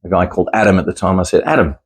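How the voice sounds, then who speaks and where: Very fast and husky, his deep voice stays level in tone. He's a psychic medium chatting casually to camera about his experiences, rambling along with constant restarts and easy chuckles.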